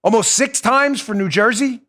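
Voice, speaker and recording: A man's voice: very high voice, moderate pace, sharp tone. A man hosting a political talk show, delivering a heated, emphatic monologue, repeating points for stress and dropping into sarcasm.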